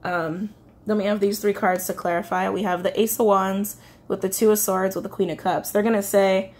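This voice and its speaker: A woman's voice: medium pitch, steady tone, normal speed, a little mellow. A woman giving a casual tarot reading to her viewers, chatty and rambling, with many fillers and self-corrections, getting emotional as she talks. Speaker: tarot reader.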